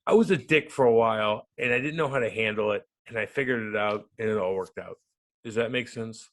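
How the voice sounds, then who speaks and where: A man in his thirties, a former hockey enforcer, telling stories in an interview with a loud, profane manner that swings down to soft mumbles. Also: lowish voice, fairly quick. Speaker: guest, former hockey enforcer and radio host. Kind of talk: animated interview storytelling.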